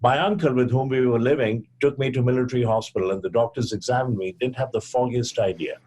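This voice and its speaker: Older man telling a measured, husky story. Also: mid-range voice, darkish tone. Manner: measured storyteller who acts out quoted dialogue. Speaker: guest, physician. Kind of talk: storytelling in a podcast interview.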